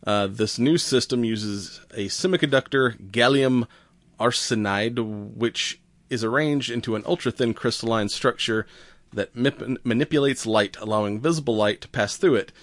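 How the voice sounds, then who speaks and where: A man co-hosting a casual podcast, explaining science news in a relaxed way, with fillers and easy laughs. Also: mid-range voice, normal speed, no echo. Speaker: podcast co-host.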